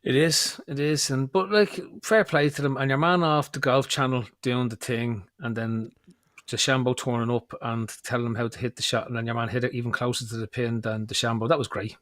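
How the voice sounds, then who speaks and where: Man, fast talker, animated storyteller, dry close sound. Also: mid-range voice, no echo. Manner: animated storyteller, acts out quotes. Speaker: podcast co-host. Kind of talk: casual chat.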